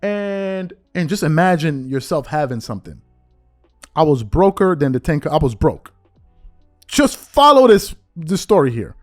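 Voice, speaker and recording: A man delivers opinionated sports commentary as a show host, his somewhat high voice swinging widely in pitch. He talks in a slangy, conversational way and hammers home his points with repeated rhetorical questions. Faint music plays underneath. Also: sing-song, unhurried.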